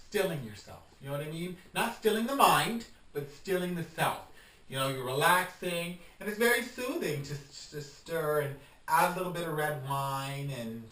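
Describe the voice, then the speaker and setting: Chatty higher-voiced man in an echoey room. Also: fairly bright tone. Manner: chatty, coaxing, addresses viewers as darling. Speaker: host demonstrating incense making. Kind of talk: instructional home vlog. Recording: roomy sound, mic at a distance.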